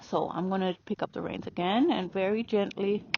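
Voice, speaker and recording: A woman riding a horse and calmly explaining her training as she goes, pausing to speak softly to the horse. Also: mid-range voice, background noise. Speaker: riding instructor. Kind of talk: narrating while riding. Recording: dry, dull lo-fi sound.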